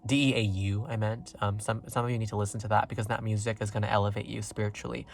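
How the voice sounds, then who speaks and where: A man giving a casual pick-a-card tarot reading, talking in a rambling, excitable way with lots of fillers and sudden leaps up in pitch. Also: quick pace, creaky. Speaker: tarot reader.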